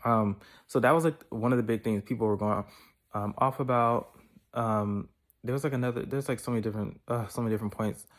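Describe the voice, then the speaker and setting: A man giving a casual film review, rambling and filler-heavy, with playful animated asides. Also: mid-range voice, a little fast. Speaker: movie commentator.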